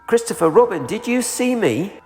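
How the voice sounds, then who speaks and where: A man voicing a small, excited baby kangaroo with a squeaky voice, reading a storybook aloud. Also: normal speed, faint music behind. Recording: echoey room with reverb.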